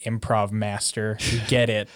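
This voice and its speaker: A man's voice: fairly low pitch, clean tone, dry recording, studio quality. A young man in casual chat, easygoing and teasing, often laughing.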